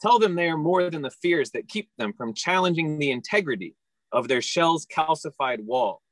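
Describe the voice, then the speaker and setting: A man in a workshop reading his own poem aloud over a video call, measured and deliberate. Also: on the high side, animated, fairly bright tone, no room sound, low-quality recording. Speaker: workshop participant.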